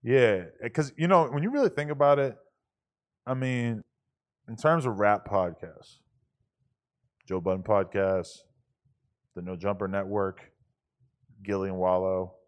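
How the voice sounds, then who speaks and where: A man's voice: on the low side, unhurried, pauses often. A man from Boston in his thirties hosting a podcast, chatting casually, profane and joking. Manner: profane, joking, laughs often. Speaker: podcast host.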